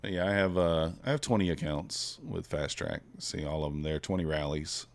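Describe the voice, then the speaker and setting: A man with a bass voice, speaking at normal speed, trades futures on a live stream. He thinks aloud in a relaxed, casual way and chats with his viewers as he goes.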